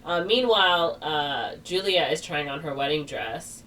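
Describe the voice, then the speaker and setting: A woman with a low voice rambles through a casual retelling and fills it with "like" and "or whatever". She sits a little back from the mic, and a faint hiss of noise stays under her voice. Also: a little slow, a bit bright, distant mic. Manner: rambling, heavy on fillers like "like" and "or whatever". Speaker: podcast co-host.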